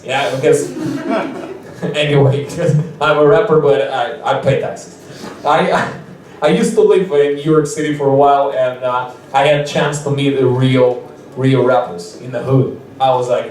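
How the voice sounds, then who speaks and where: A man's voice: mid-range voice, steady tone, a little slow, darkish tone, slight background noise. A young man doing rambling stand-up storytelling at an open mic, restarting sentences and laughing often. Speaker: stand-up comedian. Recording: echoey room, mic far off.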